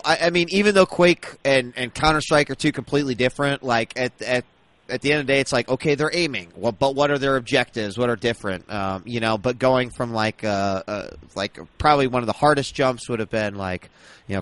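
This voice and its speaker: A man's voice: medium pitch, a bit bright, dry recording. A man hosting a casual esports podcast, talking loosely with lots of fillers and restarts. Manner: hesitant, many fillers and restarts. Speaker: podcast host.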